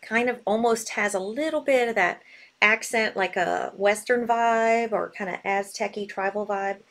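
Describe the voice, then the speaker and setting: A woman's voice: mid-range voice, normal speed, a bit bright. A woman hosting a live sale, bubbly and gushing as she talks. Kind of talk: live selling stream.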